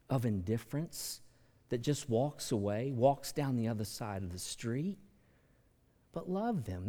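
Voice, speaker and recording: Male pastor, sermon delivery, highly animated pitch swings from soft to loud, recorded in a big reverberant church hall. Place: large church sanctuary.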